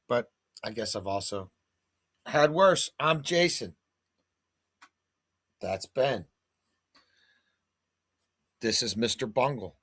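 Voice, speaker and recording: A man's voice: medium pitch, fairly bright tone, dry recording. A man hosting a betting talk show, rambling in casual, profane, gloomy chat.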